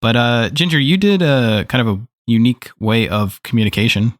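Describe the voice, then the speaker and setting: A man player chatting casually about a new tabletop game campaign, relaxed and joking. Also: medium pitch, a little fast, no echo, studio quality.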